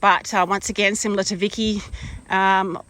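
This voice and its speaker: A woman's voice: medium pitch, flat delivery, normal speed, a bit bright, slight background noise. A woman, a horse trainer chatting casually and affectionately in an outdoor paddock, with lots of ums and fond cooing. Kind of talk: casual walk-around vlog.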